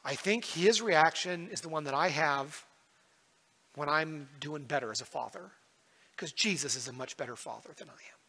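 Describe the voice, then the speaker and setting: A man's voice: fairly high pitch, normal speed, bright, forceful tone, slightly rough. A man preaching a sermon as a pastor, telling a personal story in an earnest way. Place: church. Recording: echoey church hall.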